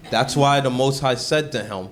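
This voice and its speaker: A man giving animated, conversational scripture commentary, dropping into slang and asides. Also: medium pitch, moderate pace. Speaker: bible study teacher. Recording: echoey room with faint noise.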